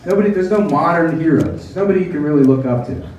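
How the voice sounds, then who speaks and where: A man doing a sardonic stand-up set on a club stage, tossing in quick mock voices. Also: on the high side, lively intonation, darkish tone, lo-fi sound, slight background noise. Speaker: stand-up comedian. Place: comedy club stage with audience laughing. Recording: echoey live room, heard from a distance, crowd laughter. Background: audience laughter.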